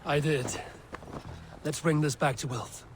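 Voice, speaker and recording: A man's voice: a little high, steady tone, measured pace, noisy background, natural voice. An actor playing a stern male warrior leader in a video game, firm and terse.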